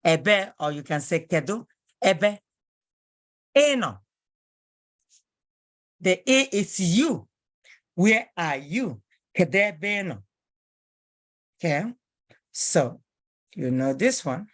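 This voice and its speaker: A woman's voice: on the low side, animated, slow, long pauses, no echo. A woman teaching a language lesson, patiently repeating phrases word by word.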